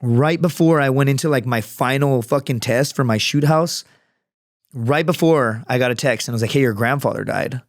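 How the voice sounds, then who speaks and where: A man's voice: medium pitch, normal speed, no echo, studio quality. A man talking as a podcast guest, in a casual, profane, storytelling manner. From United States. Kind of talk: casual interview chat.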